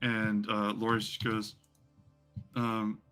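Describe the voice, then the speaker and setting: A man's voice: on the low side, completely flat delivery, slow pace, fairly bright tone, clear, resonant tone, soft background music. A man running a tabletop game as game master, talking in a rambling way with many fillers.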